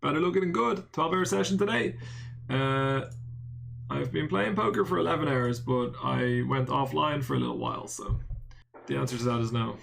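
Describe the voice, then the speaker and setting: A man's voice: mid-range voice, very animated, normal speed, vocal fry, a bit bright. A man with an Irish accent giving casual live-stream poker commentary, bantering and answering chat with self-mocking jokes and the odd swear word. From Ireland.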